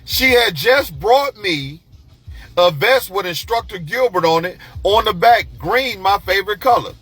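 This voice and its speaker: Animated, profane storyteller, high bright voice. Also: male voice, unhurried, breathy edge, faint music behind. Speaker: podcast host telling a personal story. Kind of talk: casual storytelling monologue.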